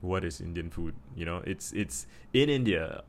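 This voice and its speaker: A man's voice: low voice, animated, normal speed. A man from Singapore with a Singaporean English accent, talking casually to camera and thinking aloud with many restarts. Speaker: vlogger.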